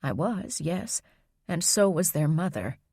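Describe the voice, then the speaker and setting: A woman voicing a calm, secretive grandmother who speaks in a soft, low, soothing way. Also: measured pace, slightly rough, no room sound, studio quality, full character voice.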